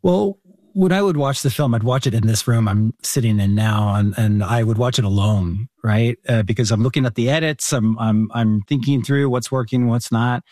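A man's voice: medium pitch, normal speed, hardly any pauses, a little mellow, dry recording, studio quality. A man, a documentary filmmaker, answering interview questions in an earnest, heartfelt way with frequent restarts. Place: home room.

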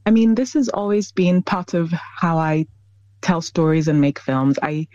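A woman's voice: low-pitched, darkish tone, dry recording, lo-fi sound. A woman from Nigeria, a filmmaker, talking in a radio interview in an earnest, reflective way.

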